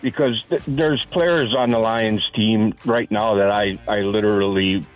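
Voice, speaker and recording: A man calling in to a sports radio show, speaking haltingly with restarts. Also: on the low side, steady tone, soft background music, poor audio. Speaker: radio caller.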